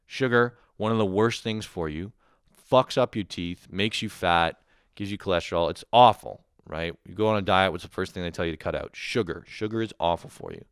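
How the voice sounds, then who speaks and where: This podcast host, a man around thirty, delivers a profane, exasperated comedic rant on his own show, performing imagined quotes along the way. He speaks briskly in a low, clear, resonant voice. The sound is dry and clean, as in a studio.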